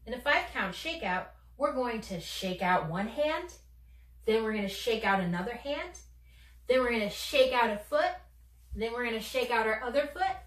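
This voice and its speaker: A young woman, a children's theater teaching artist, leading kids through warm-up games in a slow, encouraging, playful way. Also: on the high side, animated, reverberant, distant mic.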